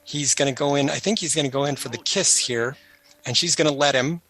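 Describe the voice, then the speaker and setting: A man's voice: mid-range voice, a little fast, fairly bright tone. A man giving a casual, chatty film commentary, full of anecdotes and trivia.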